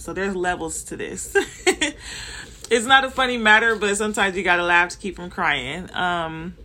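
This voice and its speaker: A woman's voice: lowish voice, bright, forceful tone. A woman from Compton with a Southern Californian accent, explaining things in a casual, conversational way, with frequent fillers and self-corrections. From Compton, Los Angeles, United States. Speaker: manager sharing workplace experiences.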